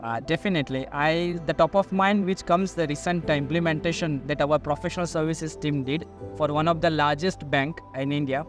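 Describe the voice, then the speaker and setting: A man's voice: a little high, steady tone, normal speed, over music. A man being interviewed as a sales manager, explaining in long, listing sentences that he keeps linking with "so". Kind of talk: business interview answers.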